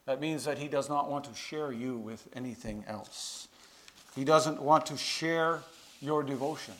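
A man preaching a sermon to a congregation, earnest, building to louder emphasis on key phrases. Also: medium pitch, measured pace.

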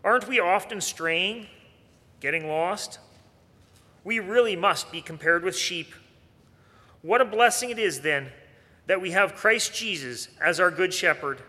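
A male pastor preaches in an earnest tone, often pausing on rhetorical questions. His voice sits high and rings bright. A long reverb trails his words through the hall. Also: expressive. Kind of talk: sermon.

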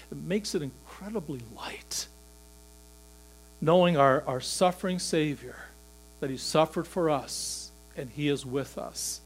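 A male pastor preaching a sermon, moving from quiet, low passages to loud, emphatic peaks.

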